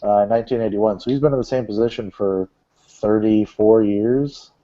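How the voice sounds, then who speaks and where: A man's voice: on the low side, fairly even intonation, moderate pace, dark tone. Male podcast host, casual rambling news chat, muffled lo-fi sound. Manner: rambling, joking, many fillers. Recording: dull lo-fi podcast audio.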